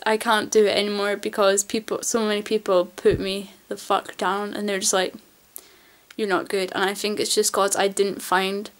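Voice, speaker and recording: A woman vlogging in a casual, rambling chat to camera, gushing about things she loves and swearing casually. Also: medium pitch.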